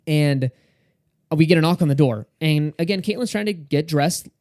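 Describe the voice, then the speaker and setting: Here a young man co-hosting a podcast speaks at normal speed in a somewhat high, darkish voice, telling a story casually and performing the dialogue he quotes. It's a dry, studio-quality recording.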